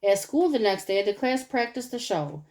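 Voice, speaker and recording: A woman reading a children's storybook aloud with expressive, animated narration. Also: medium pitch, moderate pace, poor audio. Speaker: storybook reader.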